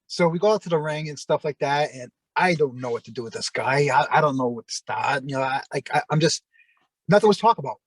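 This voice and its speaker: A former wrestler as an interview guest, telling long rambling anecdotes with lots of fillers and acted-out quotes. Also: male voice, on the high side, lively intonation, fairly quick, husky, no room sound, rough recording. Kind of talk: casual storytelling.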